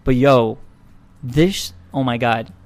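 A young guest filmmaker tells a story in casual conversation, animated and laughing as he acts out voices. He speaks slowly, at a medium pitch.

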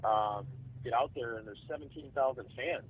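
A man in his twenties, a baseball player, telling his story in a relaxed, rambling way with many fillers. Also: mid-range voice, moderate pace, husky, rough recording. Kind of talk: casual storytelling interview.

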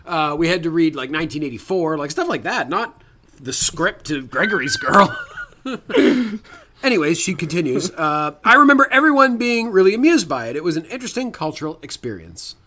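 A man's voice: on the high side, very animated, bright, forceful tone, a little hiss or hum. A young man co-hosting a podcast, chatting casually with a sassy, joking manner. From Canada. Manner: sassy, playful, quick to joke. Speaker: podcast co-host. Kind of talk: casual chat.

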